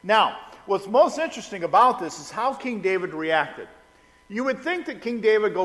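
A middle-aged man with a fairly high voice preaches a sermon, talking it through in a loose, conversational way and stumbling over restarts. His voice rings out with a long reverb in a large hall. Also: animated, a little fast, a bit bright. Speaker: pastor.

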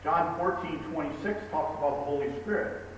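A man preaching a sermon, telling stories with animated emphasis and reading scripture aloud. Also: fairly high pitch, brisk, a little hiss or hum. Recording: echoey hall, distant mic with faint ambience.

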